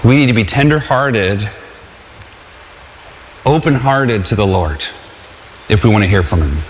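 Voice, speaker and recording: A man's voice: fairly low pitch, animated, measured pace, a little hiss or hum. Man preaching in a reverberant hall. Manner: informal, conversational preaching with many restarts. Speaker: pastor. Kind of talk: sermon.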